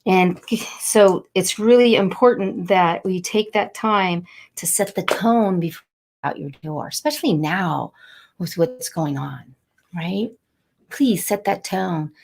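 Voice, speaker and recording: A middle-aged woman talking warmly and a little rambling as she encourages viewers during a live motivational stream. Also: lowish voice, takes it slowly, vocal fry, slight background noise. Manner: warm, encouraging, rambling and conversational. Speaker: angel card reader and inspirational host.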